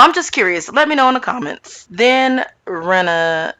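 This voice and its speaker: A woman's voice: fairly high pitch, expressive, normal speed, pushed and bright, smooth. A woman hosting a reality TV recap in casual chat, blunt and sassy, swearing and using slang as she talks to her viewers.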